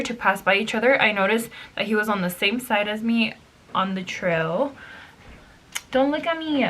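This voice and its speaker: A woman's voice: a little high, pushed and bright. A young woman telling a story in a casual, chatty way while doing her makeup, swearing freely and slipping in Spanish phrases. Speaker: beauty vlogger.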